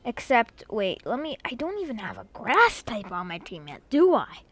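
Excitable young woman narrating her gameplay. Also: fairly high pitch, moderate pace, faint music behind. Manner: excitable, loud outbursts, rambling self-talk. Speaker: gamer. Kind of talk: casual let's-play commentary.

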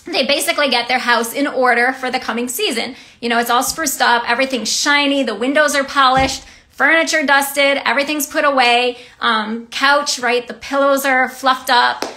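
High bright woman giving a chatty bible talk, laughs a bit, keeps saying right?. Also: steady tone, moderate pace. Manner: chatty, often asks "right?", laughs lightly. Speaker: Christian teacher and vlogger. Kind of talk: casual devotional teaching.

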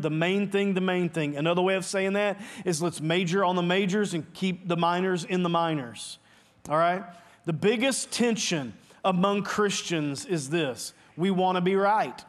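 A male pastor with a notably high voice delivers an earnest sermon in a church sanctuary. He presses his points hard and often repeats a word as he restarts a phrase. His voice is carried by a mic for a livestream. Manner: earnest, emphatic preaching with quick repeated restarts.

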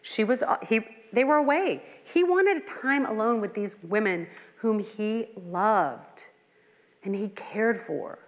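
In a church hall with long reverb, a middle-aged woman leads a Bible study, earnest and conversational. She mixes scripture reading with personal asides and rhetorical questions, speaking expressively and slowly at a medium pitch.

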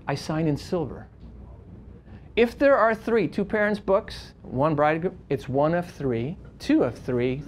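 A man's voice: fairly high pitch, a little hiss or hum. A man, a wedding photographer, teaching a live workshop to a room full of people, speaking with passion and emphasis. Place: room with an audience.

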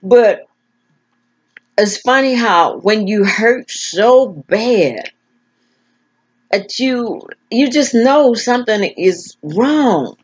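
A woman's voice: fairly high pitch, animated, drawn-out words, pauses often, husky. An older woman talking frankly to her camera, with effortful speech that stumbles and repeats while she searches for words. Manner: frank, plain-spoken. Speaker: vlogger. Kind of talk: casual personal talk to camera. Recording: dull lo-fi recording.

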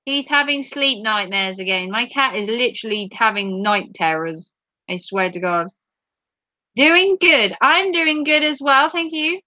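Woman from norfolk live streaming, chatty and playful, bright voice, kinda muffled dry sound. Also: on the high side, a little slow, dry recording. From Norfolk, England. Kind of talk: casual live-stream chat.

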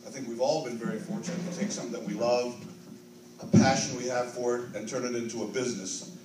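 A man's voice: mid-range voice, steady tone, quick pace, background noise. An older man giving a grateful, earnest award acceptance speech at a convention banquet, building to emphatic peaks. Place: large convention banquet hall. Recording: roomy hall echo, distant mic, audible ambience.

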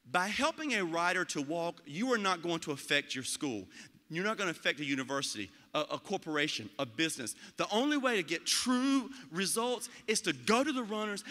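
A man giving a motivational talk about school leadership, animated and acting out quoted voices. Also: sits high, in a large hall. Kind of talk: motivational speech.

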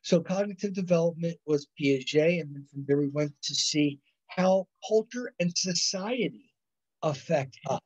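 A man's voice: a little high, normal speed. Man lecturing over a dull call line. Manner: rambling, self-correcting, frequent "right?" and "you know". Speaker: college psychology instructor. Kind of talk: recorded online lecture. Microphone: video call. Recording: dull lo-fi video call audio.

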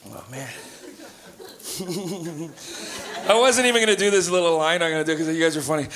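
A man in his thirties from Canada doing a stand-up comedy set in a club, telling stories in a profane, animated way. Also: a little high, normal speed. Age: 30s. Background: live audience laughter.

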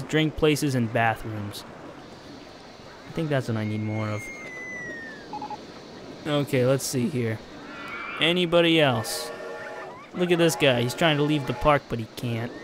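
Male streamer, high-ish voice, casual play-by-play, easily exasperated, light background noise. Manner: excitable, swings from chatty narration to exasperated outbursts. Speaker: streamer playing a park-building game. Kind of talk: casual gameplay commentary.

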